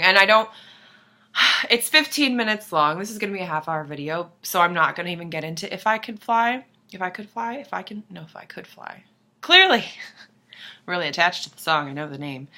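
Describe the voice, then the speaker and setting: Gushing young woman, bright voice. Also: lowish voice. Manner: gushing and excitable, swearing, sudden soft whispers and squeals. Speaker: vlogger. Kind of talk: casual chat to camera.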